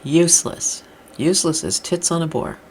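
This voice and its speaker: In this unhurried ranting monologue, a middle-aged woman vlogger sounds blunt and exasperated, her mid-pitched voice roughened by a gravelly creak. Faint background hiss can be heard under her words.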